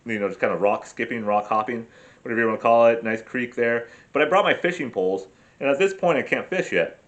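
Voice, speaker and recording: A man's voice: mid-range voice, fast talker, fairly bright tone. A man rambling through a casual travel vlog, swearing freely and telling self-deprecating stories about his camping trip with his family. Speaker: vlogger.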